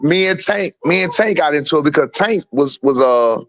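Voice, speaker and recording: A man's voice: moderate pace, no echo, rough recording. A middle-aged man casually telling stories in slang, acting out the voices of the people in them. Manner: animated, acts out quotes with big pitch jumps; street slang, repeats "you feel what I'm saying". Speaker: guest storyteller, boxing father. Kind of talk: casual storytelling chat.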